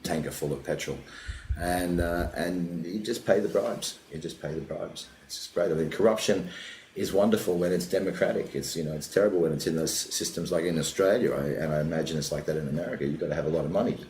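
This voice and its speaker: Male comic, deep, quick, rambling; echoey room recording. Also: a little hiss or hum. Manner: rambling, animated anecdotes with quoted voices. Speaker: comedian guest. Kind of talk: casual podcast chat, storytelling. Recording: roomy echo, faint background ambience.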